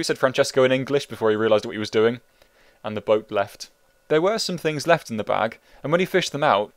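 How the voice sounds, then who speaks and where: A man who wrote the book, reading it as an audiobook narrator in a wry, meandering, deadpan way. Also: on the high side.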